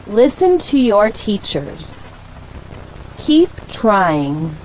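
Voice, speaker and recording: A woman with an American accent reading short English sentences aloud for learners, slowly and with clear enunciation. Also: lowish voice, a little hiss or hum, poor audio. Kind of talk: slow, deliberate read-aloud for learners.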